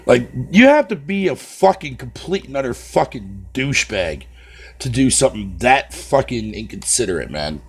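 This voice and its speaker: A man's voice: mid-range voice, sing-song, moderate pace, husky. A man ranting profanely on a casual live stream, talking to his viewers by name and swearing constantly.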